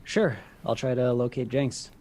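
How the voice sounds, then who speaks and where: A man's voice: mid-range voice, steady tone, measured pace, darkish tone. A man playing a tabletop game, eager and jokey in casual chat. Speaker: player.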